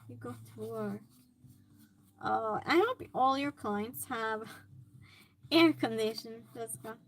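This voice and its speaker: High-voiced woman chatting slowly with viewers. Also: a little hiss or hum. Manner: reacts to chat with animated exclamations. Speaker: streamer. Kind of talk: casual chat reading viewer comments aloud.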